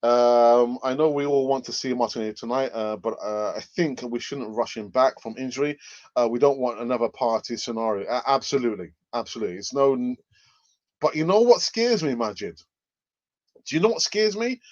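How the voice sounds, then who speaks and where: A man's voice: medium pitch, brisk, a little mellow, dry recording, muffled recording. A man hosting a live fan stream, reading viewer comments aloud in a rambling, hesitant way with frequent restarts and chuckles. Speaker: fan channel host.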